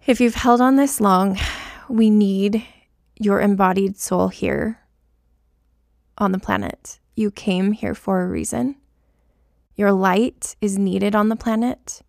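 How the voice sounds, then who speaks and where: A woman podcast host talks her listeners through a gentle spiritual pep talk, soft and reassuring. Her voice carries strong, gravelly fry. She speaks unhurriedly, and the recording is dry and close. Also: medium pitch, no echo. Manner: soft, slow and reassuring, lingering on words.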